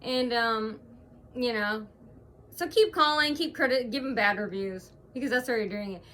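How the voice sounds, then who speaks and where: A woman's voice: on the high side, normal speed, a bit bright. A woman vlogging at home, rambling through an aggrieved retelling full of hesitations. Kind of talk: casual to-camera vlog monologue.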